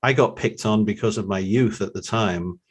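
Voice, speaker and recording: A middle-aged man with a London accent, a guest who tells long stories in a relaxed way and often repeats his opening words. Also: fairly low pitch, normal speed, husky. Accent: London English. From England. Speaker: guest, forensic accountant. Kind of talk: relaxed storytelling.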